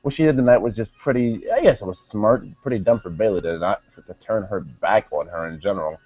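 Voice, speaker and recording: A man's voice: on the low side, a little fast, husky. A young man casually reviewing a wrestling show, rambling with many fillers and self-corrections. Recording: dull lo-fi sound, faint music behind.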